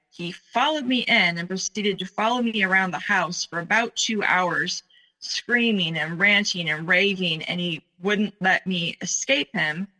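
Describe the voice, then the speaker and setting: A woman in her forties, a guest telling her own story in conversation, speaking in a halting, earnest way with many fillers. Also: on the low side, bright, forceful tone, poor audio. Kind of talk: personal account in conversation.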